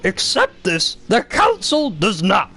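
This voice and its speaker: A man doing an impression of an ancient tiny alien Jedi master who speaks in inverted word order with slow deliberate phrasing. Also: high-pitched, wildly swooping pitch, pushed and bright, husky, voice pushed up, heavily acted. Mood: solemn.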